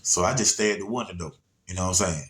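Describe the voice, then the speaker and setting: Low-voiced man spinning a yarn. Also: rapid-fire, fairly bright tone. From Atlanta area, USA. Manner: rambling, laid-back, frequent "you know what I'm saying". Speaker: storyteller. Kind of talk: casual storytelling to viewers.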